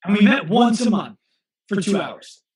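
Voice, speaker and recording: A man's voice: sits high, animated, a little mellow. Earnest man telling stories, echoey room. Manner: earnest, storytelling with quick restarts. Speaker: guest, physical therapist and coach. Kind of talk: conversational interview.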